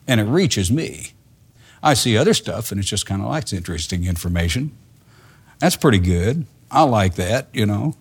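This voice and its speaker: An older man preaching a sermon in a folksy, earnest way, dropping to soft asides and rising to emphatic lines. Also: medium pitch.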